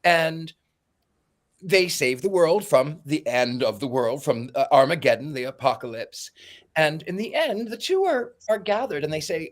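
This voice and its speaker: A man's voice: on the high side, expressive, measured pace. A man hosting a podcast, casually recapping a story's plot in a rambling way, stumbling and repeating words as he goes. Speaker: podcast host.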